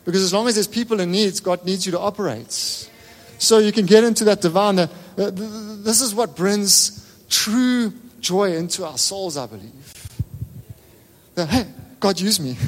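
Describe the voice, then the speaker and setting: A man preaching a sermon as pastor, with emphatic repetition and sudden swings between loud and soft delivery. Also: high voice, normal speed. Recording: long hall reverb.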